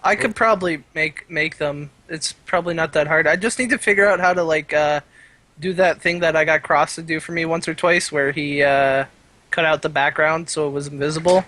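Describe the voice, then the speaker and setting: Male podcast co-host, higher voice, teasing, loose gaming chat. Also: steady tone, sharp tone, no room sound. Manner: joking, quick to tease.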